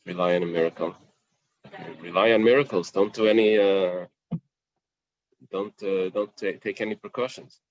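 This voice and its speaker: A man's voice: deep voice, fairly even intonation, moderate pace, long pauses, dry recording, dull audio. A man teaching a Talmud class in plain English, mixing in Aramaic and Hebrew quotes, with fillers and restarts. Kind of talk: daf yomi Talmud class.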